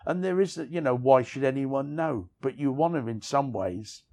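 A middle-aged man, a writer appearing as an interview guest, shares frank personal stories at a moderate pace in a slightly mellow, medium-pitched voice. He rambles and often says "you know what I mean."

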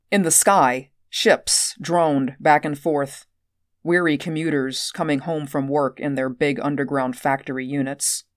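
A woman narrating an audiobook at a measured, steady pace. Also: low voice, no room sound, studio quality.

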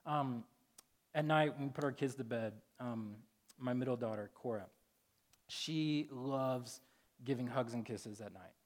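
A man in his thirties, a pastor giving a casual, chatty sermon full of "like" and "um", breaking into loud, lively retellings. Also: unhurried. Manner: chatty, filler-heavy, jumps loud and high in animated retellings.

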